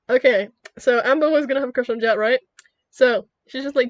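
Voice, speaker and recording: A woman's voice: high voice, a little fast, dry recording, highs cut off. A young woman streamer casually retelling her own fan fiction, giggly and self-mocking.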